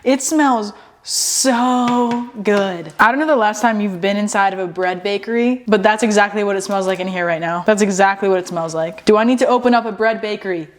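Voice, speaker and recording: A woman's voice: medium pitch, a little fast, a little hiss or hum. Gushing woman baking in her kitchen. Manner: enthusiastic, gushing, repeats phrases. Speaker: home baking vlogger. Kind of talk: casual chat to camera. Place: home kitchen.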